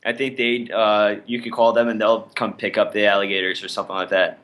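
Bright-toned teasing podcast man. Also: lowish voice, little pitch movement, a little fast. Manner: teasing, argumentative. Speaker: podcast co-host. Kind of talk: casual podcast banter.

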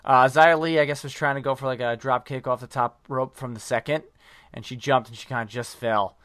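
An excitable man co-hosts a casual podcast chat. His voice sits at an ordinary middle pitch. It is recorded close and dry, with no room sound. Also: fairly quick, no room sound. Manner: excitable, interrupts with live updates. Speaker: podcast co-host.

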